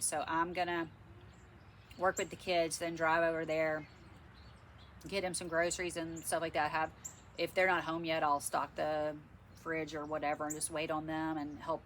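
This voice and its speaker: A woman's voice: low voice, a bit bright, slight background noise. A middle-aged woman with a stuffy, congested voice, chatting frankly and ramblingly to camera in a casual vlog. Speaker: vlogger.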